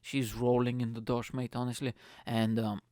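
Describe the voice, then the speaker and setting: A mellow, medium-pitched man with little pitch movement and a moderate pace hosts his podcast, casually relating comic stories, swearing freely and saying "mate" a lot. His voice is recorded dry and close-miked.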